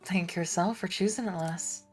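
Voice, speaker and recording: A woman voicing a calm, kindly older male ship captain who speaks in a measured, gentle way. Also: on the low side, faint music behind, natural voice.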